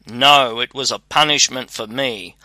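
A man's voice: mid-range voice, unhurried, no echo. A man reading a storybook voicing a huge, threatening male spirit released from a bottle. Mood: haughty. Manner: loud and threatening.

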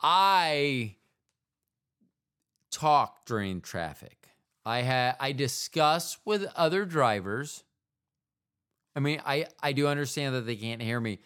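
This mid-range, expressive voice belongs to a podcast host from the United States, who speaks slowly with frequent pauses and a fairly bright, clear, resonant tone. He rambles through a self-deprecating monologue that keeps wandering into asides.

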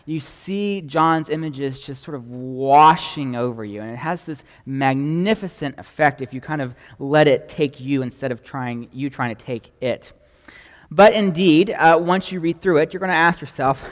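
A man with a slightly high voice preaches in a chatty, teaching manner. He keeps checking in with his listeners, and his voice rings out with a long hall reverb. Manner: conversational preaching with frequent "right?" asides. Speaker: pastor. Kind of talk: sermon.

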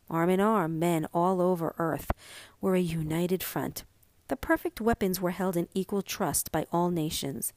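A woman reading a story aloud as narrator, calm and measured. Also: on the low side, no room sound.

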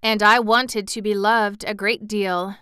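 A woman's voice: medium pitch, flat delivery, a little slow, pushed and bright, clear, resonant tone, no echo, studio quality. A woman voicing a shy, humble vagabond man in an audiobook, speaking earnestly and plainly. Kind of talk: audiobook character reading.

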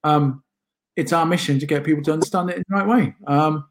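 A man's voice: fairly high pitch, a little fast. A man with a British accent co-hosting a casual morning wellness chat from his kitchen, chatty and joking. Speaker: co-host of a morning wellness show. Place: home kitchen.

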